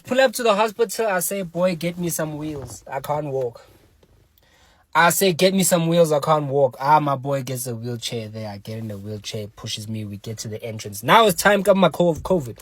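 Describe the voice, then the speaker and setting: A man telling a personal story in a casual, slangy, animated way, swearing often. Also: a little high, no echo. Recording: loud music under the voice.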